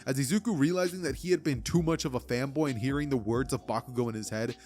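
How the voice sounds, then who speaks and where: A man's voice: mid-range voice, fast talker, a little mellow, soft background music. Rambling man telling a fan story. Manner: rambling, filler-heavy. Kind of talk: casual fan-story narration.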